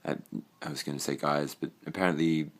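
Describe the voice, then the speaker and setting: Low-voiced rambling Australian young man. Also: fairly even intonation, fairly quick. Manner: rambling, swears casually, trails off with fillers. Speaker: vlogger. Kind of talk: casual rambling room tour. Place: own bedroom.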